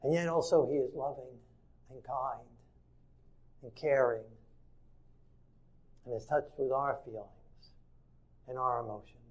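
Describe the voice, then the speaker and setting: A man preaching a sermon in an earnest way, shifting from soft and tender to emphatic. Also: medium pitch, unhurried, pauses often.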